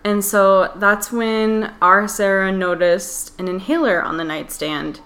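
A woman's voice: mid-range voice, fairly even intonation, takes it slowly, fairly bright tone. A woman co-hosting a podcast, retelling a story in casual chat with lots of fillers. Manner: chatty storyteller, many fillers like "like" and "um". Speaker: podcast co-host.

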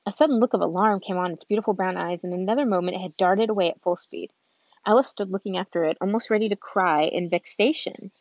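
A woman's voice: medium pitch, fast, a little mellow, dry recording, dull audio. A woman reading a children's book aloud from a street, informal, with restarts and asides. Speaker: reader.

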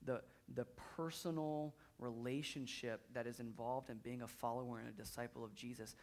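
A man's voice: medium pitch, fairly even intonation, moderate pace, darkish tone. A man in his thirties preaching a sermon in a church, conversational, often repeating words as he builds up intensity. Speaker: pastor.

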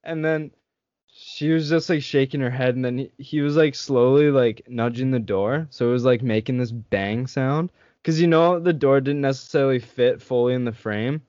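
A young podcast host laughs often as he tells a school story in casual chat. His voice is mid-range with a darkish tone and a moderate pace, and the recording sounds slightly dull and dry, with no room sound.

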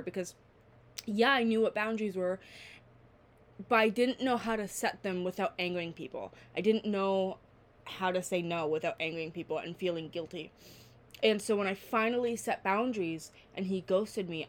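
Chatty teenage woman hosting a podcast. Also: mid-range voice. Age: late teens. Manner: rambling, candid, swears freely. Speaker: podcast host. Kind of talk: casual solo podcast chat.

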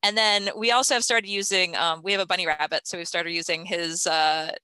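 A woman in her thirties chatting casually in an interview, laughing often and filling pauses with ums. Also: fairly low pitch, fairly even intonation, sharp tone, clear, resonant tone, no room sound, low-quality recording. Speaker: interviewee, gardening parent.

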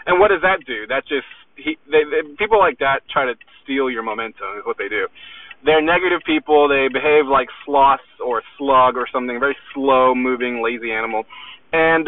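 A man giving an aggressive, profane motivational rant, hammering his points with "okay?". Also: medium pitch. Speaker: weights seller. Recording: tinny phone-like recording.

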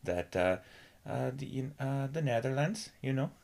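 A man co-hosting a podcast in relaxed, agreeable casual chat, quick to chime in. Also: mid-range voice, vocal fry. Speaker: podcast co-host.

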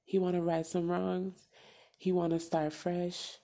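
Gravelly-voiced woman venting bluntly. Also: fairly low pitch, little pitch movement, a little slow, warm tone. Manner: blunt, profane, emphatic repetition. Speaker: podcast host. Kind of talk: casual venting monologue.

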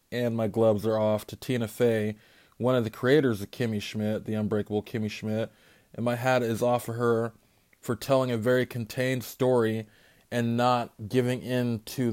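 A man's voice: medium pitch, a little mellow. A man, a parent, hosting a solo podcast in a candid, rambling, heavily profane monologue. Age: adult parent. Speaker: podcast host.

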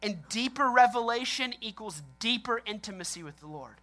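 A man preaching a sermon as pastor, telling stories in an animated way, laughing often and acting out reactions. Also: extremely high pitch, normal speed.

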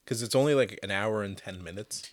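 A man hosting a podcast, throwing in quick teasing one-liners. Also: on the low side, noisy background. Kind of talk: casual podcast banter.

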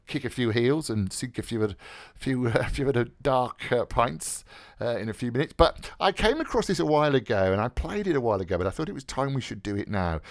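A man's voice: mid-range voice, no room sound, studio quality. A man hosting a literary radio podcast, chatting casually in a rambling, jokey way full of fillers. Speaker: podcast host.

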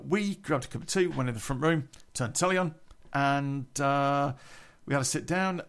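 A middle-aged man telling a casual anecdote, chatty and laughing often. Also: mid-range voice. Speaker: podcast storyteller.

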